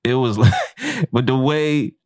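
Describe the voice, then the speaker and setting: A man, a chef and podcast co-host, telling a story in a casual, profane and animated way. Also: medium pitch, measured pace, clear, resonant tone, dry recording, clean studio sound. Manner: animated, profane, acts out quotes with laughs.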